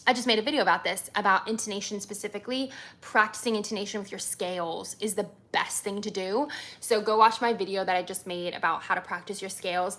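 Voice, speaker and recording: A woman's voice: mid-range voice, bright, forceful tone. A woman from America, a violinist, answering viewer questions in a casual livestream chat, full of ums and likes.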